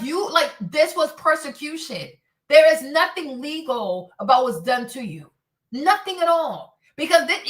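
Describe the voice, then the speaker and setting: A woman's voice: sits high, a bit bright. A woman hosting a streaming commentary show, ranting indignantly, swearing often and repeating her phrases. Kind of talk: heated commentary rant. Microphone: streaming setup mic.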